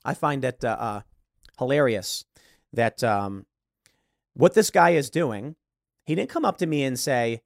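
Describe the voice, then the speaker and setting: A man's voice: mid-range voice, lively intonation, measured pace, pauses often, no echo. A man from Chicago hosting a political commentary show, talking sarcastically and telling stories into a studio microphone. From Chicago, USA. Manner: sarcastic, storytelling. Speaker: show host.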